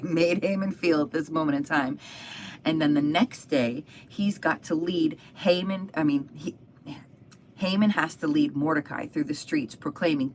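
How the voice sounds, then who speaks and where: A woman on a live stream retelling a Bible story in an animated, chatty way with frequent asides to her listeners. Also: sits low, a little hiss or hum. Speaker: Bible teacher.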